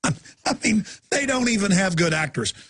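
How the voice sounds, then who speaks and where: A man hosting a talk radio show who rants in a heated, rapid-fire way with a gravelly, raspy voice. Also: high-pitched, expressive, fairly bright tone. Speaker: radio host.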